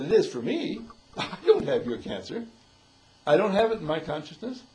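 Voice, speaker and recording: A man's voice: a little high, creaky, slight background noise, low-quality recording. A man, the dean of a school, giving a folksy inspirational talk, chuckling often and acting out the people he quotes. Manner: chuckling often, animated, acts out quoted voices.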